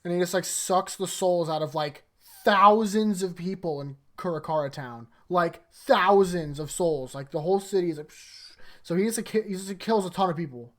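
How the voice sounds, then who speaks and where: A man's voice: sits high, moderate pace. A man casually recapping anime episodes in front of a green screen, rambling with lots of fillers like "like" and "uh".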